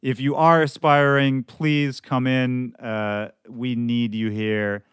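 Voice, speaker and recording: A man hosting his own podcast, talking loosely and candidly, his voice hoarse from shouting at a show the night before. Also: medium pitch, level tone, slow, dry recording, studio quality. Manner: candid, loose and conversational, with some swearing. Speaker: podcast host. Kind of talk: casual podcast monologue.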